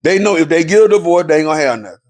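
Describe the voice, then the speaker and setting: A man's voice: fairly high pitch, animated, racing. A man, giving an impassioned, preachy monologue to viewers about relationships, repeating his points for emphasis. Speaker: relationship commentator.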